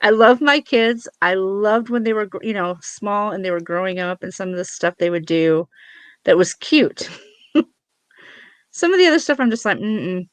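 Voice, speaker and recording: A middle-aged woman, a podcast guest, who talks in a relaxed, easygoing way and laughs often while swapping parenting stories. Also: medium pitch, normal speed, dry recording. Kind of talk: casual chat.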